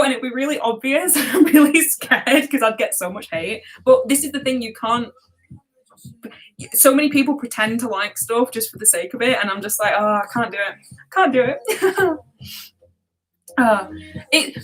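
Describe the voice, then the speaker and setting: A British woman in a casual live-stream chat, her voice sitting a little high. She talks passionately and at length, laughing often and tripping over her own restarts. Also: normal speed, fairly bright tone, low-quality recording. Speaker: live-streaming reaction YouTuber.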